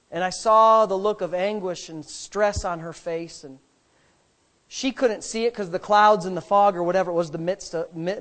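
Brief: middle-aged male pastor, high-pitched, emphatic and rambling as he tells a story from the pulpit. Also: a bit bright. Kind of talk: sermon storytelling.

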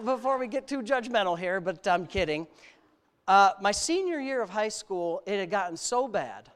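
High-voiced male pastor telling his story. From United States. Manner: candid storytelling, self-mocking humor. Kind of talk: personal testimony sermon.

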